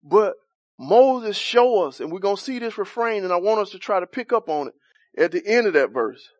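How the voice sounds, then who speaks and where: A man's voice: high-pitched, animated, moderate pace, no room sound. A man leading an interactive Bible study, asking the group questions, chuckling often and talking in a loose, informal way.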